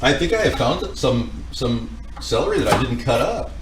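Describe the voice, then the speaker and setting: A man's voice: medium pitch, very animated, moderate pace, distant mic, noisy background. A man hosting a cooking livestream at home, chatting casually and joking with viewers in a rambling way. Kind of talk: casual chat answering viewer comments. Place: home kitchen.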